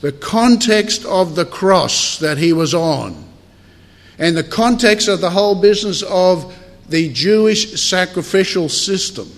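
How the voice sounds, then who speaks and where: A man preaching a sermon in a church hall, earnest and measured, with deliberate pauses. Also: high-pitched, expressive. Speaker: pastor. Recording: long hall reverb.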